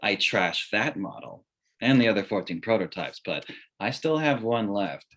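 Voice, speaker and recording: A man's voice: fairly low pitch, big pitch swings, normal speed, a bit bright, heavily acted. A man reading a smug, oblivious young billionaire in a comedy table read. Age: late 20s.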